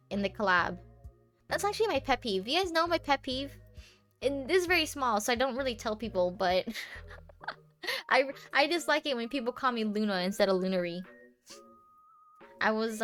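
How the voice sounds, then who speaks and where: Giggly high-voiced woman streamer. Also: fairly bright tone. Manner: giggly and playful, laughing often. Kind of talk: casual chat in a live-streamed group call.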